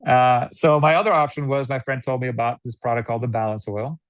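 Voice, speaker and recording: An American man giving casual sales coaching, animated, laughing often and acting out customer dialogues. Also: mid-range voice, fast talker, no room sound. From United States. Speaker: network marketing guest.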